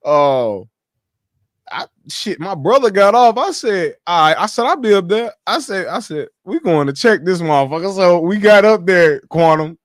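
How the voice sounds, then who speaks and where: A man on a casual livestream, telling his life story in animated slang, swearing freely. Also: high-pitched, normal speed, no room sound, clean studio sound.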